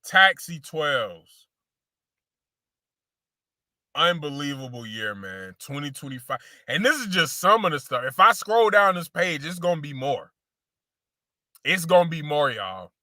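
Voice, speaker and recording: Brief: male sneaker vlogger, fairly high, very bright voice, loose slangy delivery full of repeats, dry close recording. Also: expressive, measured pace, pauses often, no room sound. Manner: slangy, repeats phrases, addresses viewers as y'all. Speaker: sneaker show host. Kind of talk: casual sneaker commentary.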